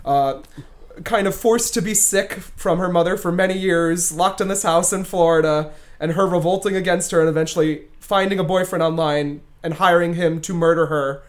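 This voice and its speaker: A man hosting a casual pop culture podcast, chatty and self-mocking, running through TV news with quick asides. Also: sits high. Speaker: podcast host.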